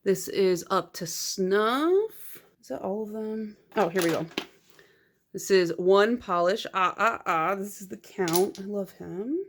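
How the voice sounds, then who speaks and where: A woman's voice: mid-range voice, slow pace. A woman in a casual vlog, chatting through her nail polish collection in a rambling, filler-heavy way. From United States.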